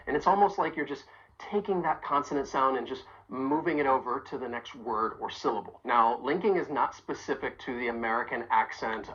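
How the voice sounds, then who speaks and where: A woman teaching a pronunciation lesson, speaking clearly and deliberately and stressing sounds for learners to repeat. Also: very deep voice, a bit bright, highs cut off. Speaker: accent coach.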